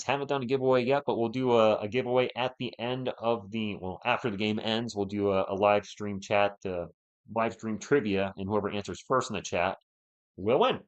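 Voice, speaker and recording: A man's voice: medium pitch, muffled recording. A man hosting a fan live stream, calling the game play by play and bantering with the chat. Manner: animated, partisan, banters with chat.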